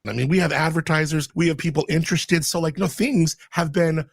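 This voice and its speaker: A man hosts a relaxed podcast conversation, telling his stories in a chatty, animated way. His voice sits a little higher than most men's. It is recorded close and dry, with almost no room sound. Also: a little fast, creaky, breathy edge, no echo. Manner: chatty, animated storytelling with quoted dialogue. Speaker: podcast host. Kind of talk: casual podcast interview.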